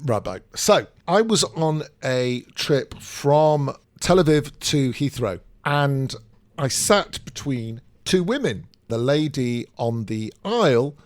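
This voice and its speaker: A man's voice: mid-range voice, animated, takes it slowly. A man co-hosting a podcast, telling a funny travel story in a chatty, apologetic way. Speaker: podcast co-host. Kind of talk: casual chat and storytelling.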